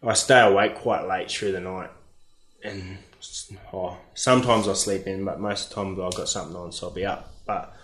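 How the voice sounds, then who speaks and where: An easygoing man with a lowish voice chats casually as a truck driver. He rambles and restarts his sentences. The recording sounds roomy and echoey. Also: steady tone, normal speed, fairly bright tone. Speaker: mine truck driver, guest. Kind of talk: casual chat. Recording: roomy echo.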